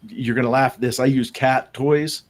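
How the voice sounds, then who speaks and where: A man's voice: medium pitch, fairly even intonation, normal speed. A man who investigates the paranormal, telling rambling anecdotes in a casual podcast chat, with many restarts. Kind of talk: casual storytelling in a podcast interview.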